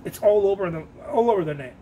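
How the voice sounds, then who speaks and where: A man's voice: high voice, lively intonation, quick pace, dark tone, lo-fi sound, a little hiss or hum. A man talking casually while he paints, rambling, joking about himself and laughing often. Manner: self-mocking and playful. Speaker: painter hosting his own art channel.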